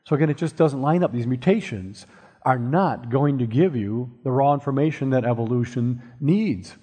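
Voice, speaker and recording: A man's voice: mid-range voice, moderate pace, warm tone, slightly rough. A middle-aged man giving a presentation, explaining ideas with everyday analogies and wry asides. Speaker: speaker. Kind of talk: presentation to an audience. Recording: long hall reverb.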